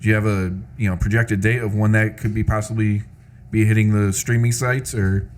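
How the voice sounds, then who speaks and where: A man's voice: lowish voice, little pitch movement, a little fast, slight background noise. A man co-hosting a podcast, asking interview questions hesitantly with many ums. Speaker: podcast co-host.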